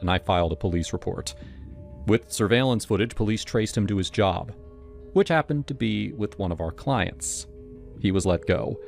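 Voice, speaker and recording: A man giving a brisk, wry scripted first-person narration of a horror story. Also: low voice. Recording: over loud background music.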